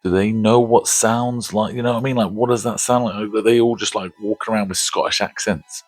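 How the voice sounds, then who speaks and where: A man's voice: lowish voice, steady tone, fairly quick, no room sound, soft background music. A man hosting a casual movie review, rambling, laughing often and swearing casually.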